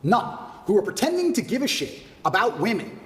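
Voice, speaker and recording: A man's voice: high voice, huge pitch swings, fairly quick, fairly bright tone. A man being interviewed, delivering a boastful, emphatic monologue in repeated short lists. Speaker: interview guest. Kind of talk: combative monologue. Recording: roomy echo, distant from the mic.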